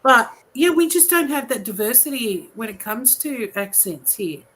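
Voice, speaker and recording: Aussie woman chatting on a podcast, kinda high voice, gets tickled by stuff. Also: animated, normal speed, fairly bright tone, a little hiss or hum, rough recording. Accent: Australian. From Australia. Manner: chatty, searches for words, laughs at the differences. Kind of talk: casual chat.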